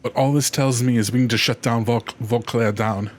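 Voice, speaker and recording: A man gives voice to a blunt, determined shadowrunner team leader from a video game. The lines are read close to a normal speaking voice at a mid pitch, with a few stumbles and restarts. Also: fairly even intonation, a little fast, lightly acted. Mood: grim. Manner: reads dialogue in a near-natural voice, with restarts.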